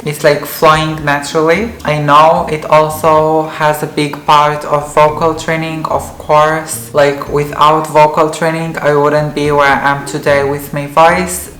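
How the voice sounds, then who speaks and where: A young woman vlogging in a chatty, earnest way, filling her talk with "like". Her voice sits low and stays fairly level. The recording is roomy, with a faint hiss underneath. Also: fairly bright tone. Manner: chatty, earnest, many "like" fillers. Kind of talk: casual talk to camera. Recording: roomy echoey room.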